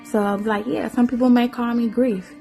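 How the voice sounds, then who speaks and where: A woman's voice: fairly high pitch, fairly even intonation, normal speed, vocal fry, dark tone, faint music behind. A woman vlogger giving an emotional, rambling spoken-word monologue, laughing often and repeating her phrases.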